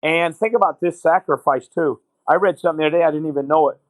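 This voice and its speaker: A man's voice: fairly high pitch, fast talker, no echo, low-quality recording. A middle-aged man, a basketball coach and podcast guest, telling long anecdotes and acting out the conversations in them. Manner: anecdotal, retells conversations in quotes. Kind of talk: interview storytelling.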